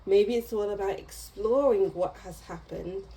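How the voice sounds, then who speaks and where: A woman's voice: medium pitch, unhurried, dark tone, poor audio. A woman giving a casual tarot reading to camera, chatty and meandering, with small laughs as she goes. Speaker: tarot reader.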